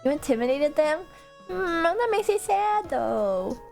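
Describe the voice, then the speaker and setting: A woman's voice: sits high, very animated, a little slow, creaky, darkish tone, soft background music. A woman streamer chatting casually with her viewers, rambling into tangents and laughing often.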